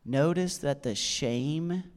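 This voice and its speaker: Speaking slowly in a fairly high voice, a man delivers a sermon built on funny personal anecdotes. His style is lively and playful, and he acts out the conversations in each story, a humorous storytelling sermon.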